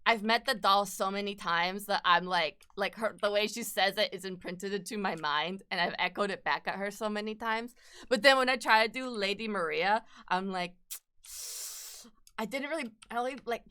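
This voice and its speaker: A woman's voice: mid-range voice, moderate pace, pushed and bright, clean tone. A young woman chatting casually on a live stream in a put-on British accent, self-deprecating, laughing often and swearing freely.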